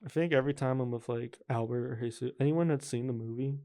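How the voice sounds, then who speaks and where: A young man hosts a casual podcast chat at a middle pitch. He sounds relaxed and easygoing, and fillers like "like" and "um" run all through his talk. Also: fast. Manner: laid-back, heavy use of filler words. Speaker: podcast host.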